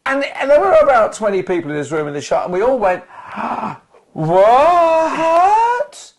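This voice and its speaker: A man's voice: high-pitched, very animated, racing. A man co-hosting a podcast, telling a long anecdote in a rambling way, full of restarts and asides. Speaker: podcast co-host.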